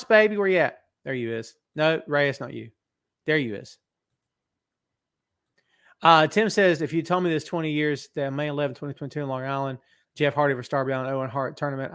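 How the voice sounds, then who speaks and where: Fairly high-pitched and a bit bright, a man talks into a podcast mic from his office as host of a live wrestling show. He fools around and reads viewer comments aloud in a live-stream chat.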